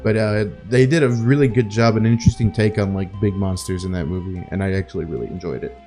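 A man's voice: on the low side, fast talker, dark tone, soft background music. A man co-hosting a podcast, chatting casually, swearing and laughing as he rambles. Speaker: podcast co-host. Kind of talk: casual chat.

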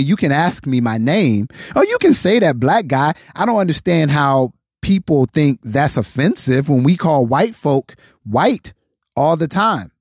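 A man's voice: medium pitch, a little mellow, husky, no echo, studio quality. An American man in his forties giving his opinion in casual commentary, passionate and full of rhetorical questions. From United States. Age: 40s.

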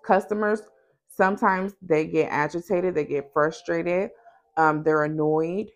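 A woman with a somewhat low voice speaks frankly to her listeners as a small business owner and podcast host. Her delivery is conversational and direct, like an open motivational chat. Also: steady tone, a little slow. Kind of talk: candid motivational talk.

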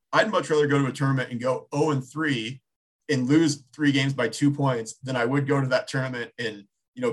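A man's voice: medium pitch, slightly rough. A man in his thirties co-hosting a casual sports talk show, thinking aloud with many restarts.

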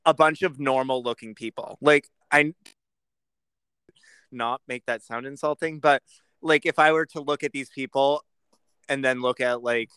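A man co-hosting a casual podcast chat, talking in animated bursts and laughing often. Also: unhurried, long pauses, clean tone, no room sound. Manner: lively, laughing often, animated swings in pitch. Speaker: podcast co-host.

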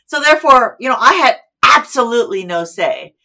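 An American woman, middle-aged, telling stories as an actor guest in a casual interview, animated and quick to laugh. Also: a little high. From United States. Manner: animated storyteller, laughs easily.

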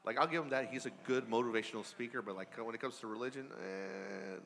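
A man's voice: mid-range voice, fast talker, gravelly, fairly bright tone, a little hiss or hum. A man chatting casually as a podcast co-host, rambling and repeating words as he talks. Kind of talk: casual banter. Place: podcast studio. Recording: long hall reverb.

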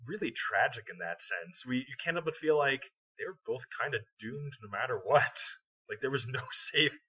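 A man's voice: mid-range voice, animated, normal speed, bright, forceful tone, slightly rough, far from the mic. A man co-hosting a podcast, talking through a film in a thoughtful, reflective way. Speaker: podcast co-host. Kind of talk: casual film discussion. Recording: dull lo-fi audio from off mic.

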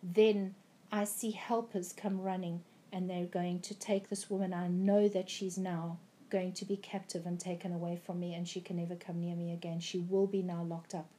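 Warm-voiced woman recounting a dream. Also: fairly low pitch, flat delivery, moderate pace, a little hiss or hum. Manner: earnest storytelling with frequent ums and restarts. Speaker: Christian speaker.

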